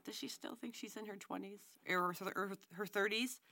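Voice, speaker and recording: A woman's voice: medium pitch, normal speed, vocal fry, background noise. A young woman co-hosting a podcast, reacting with sarcastic, exasperated mockery. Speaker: podcast co-host. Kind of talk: casual reaction chat.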